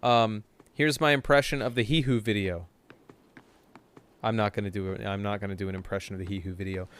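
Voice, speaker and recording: A man's voice: lowish voice, fairly even intonation, brisk, fairly bright tone, slight background noise. A man streaming a game live, joking and swearing while reading the game text aloud. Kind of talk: casual live-stream gaming chat.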